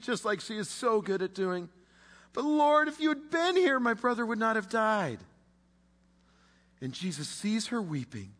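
A man preaching a sermon, impassioned, swinging between loud declarations and hushed, drawn-out pauses. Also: sits high. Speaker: pastor. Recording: long reverb of a large hall.

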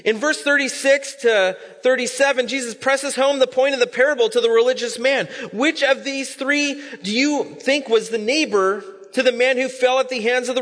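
A man's voice: extremely high pitch, a bit bright, long reverb tail. A man preaching as a pastor, telling a story in a conversational way with casual asides. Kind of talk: sermon.

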